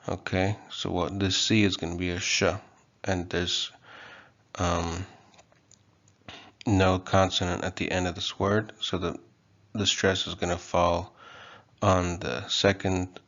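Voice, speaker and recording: A man giving a casual online language lesson, relaxed and hesitant, with frequent ums and okays. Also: low voice, vocal fry, lo-fi sound. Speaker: language teacher.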